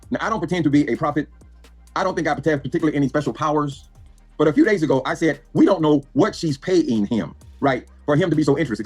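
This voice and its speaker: Older man, reaction commentator, sassy, rapid speech, raspy, somewhat high voice. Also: a little mellow. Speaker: YouTube commentator.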